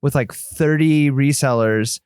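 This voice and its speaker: A man's voice: mid-range voice, measured pace, a little mellow, clean tone, no room sound, clean studio sound. A man co-hosting a podcast, joking in a playful, stumbling way. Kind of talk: casual interview chat.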